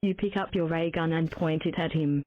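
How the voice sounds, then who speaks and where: A synthetic woman's voice reads game text in an even, mechanical way, pitched a little low. The sound is tinny and phone-like, with a dry, close feel and no room around it. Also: normal speed, no room sound. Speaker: text-to-speech game narrator.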